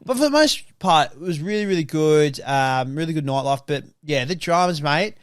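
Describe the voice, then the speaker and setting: Higher-voiced Australian man, swearing storyteller. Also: moderate pace, smooth, no echo, clean studio sound. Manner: swearing, rambling and animated, with lots of fillers. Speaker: podcast co-host. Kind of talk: casual storytelling chat.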